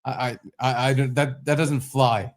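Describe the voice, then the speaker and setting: A young man co-hosting a podcast, telling a story with lots of swearing and animated bursts. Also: medium pitch, normal speed. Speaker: podcast co-host. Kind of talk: casual podcast chat.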